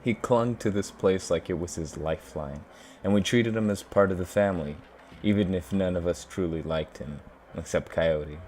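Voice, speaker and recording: Dude voicing a cool guarded lady bar owner in a game, low and measured. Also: a little mellow, a little hiss or hum, close to an everyday voice. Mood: composed. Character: poised woman bar owner, guarded and playful.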